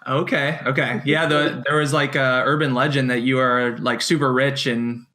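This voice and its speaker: A young American man hosting a relaxed podcast, his voice crisp and bright. He talks in halting bursts, restarting his thoughts and leaning on casual filler words. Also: medium pitch. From USA. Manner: hesitant, restarts, lots of "like". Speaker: podcast host. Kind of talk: casual chat.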